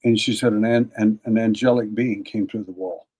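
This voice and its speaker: An older man, a guest on an interview, telling a long personal story in a folksy, casual way, often repeating words and clearing his throat. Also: lowish voice, steady tone, moderate pace, dark tone. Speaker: interview guest, paranormal investigator.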